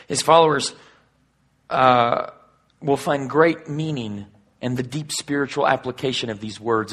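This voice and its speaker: Husky male preacher with dramatic swings. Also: mid-range voice. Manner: dramatic, swings from loud emphasis to hushed whispers. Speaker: pastor. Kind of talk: sermon.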